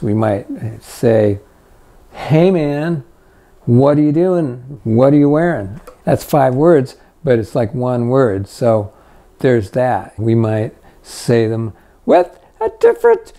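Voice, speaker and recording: A middle-aged man talks through a casual fiddle lesson with a dark, mellow tone. He rambles in a friendly, humorous way, dropping fillers as he goes. His pitch sits in the middle. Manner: chatty and humorous, with many fillers. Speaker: fiddle teacher. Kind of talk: relaxed video lesson.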